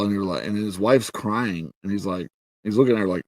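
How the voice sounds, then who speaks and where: This is a man in a loose, ranting review, exasperated and swearing freely as he piles on filler words. His voice sits a little low and sounds dry and close, with no room around it. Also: moderate pace, no room sound. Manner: profane, exasperated, heavy on fillers. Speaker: show reviewer. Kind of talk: casual ranting commentary.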